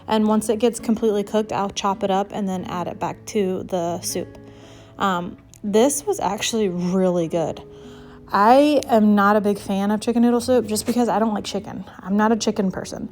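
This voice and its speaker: Speaking at a moderate pace in a mid-range, slightly mellow voice, a young vlogger and mother of six chats through a home cooking voice-over as soft music plays. She's a bit out of breath, and her casual rambling is full of fillers.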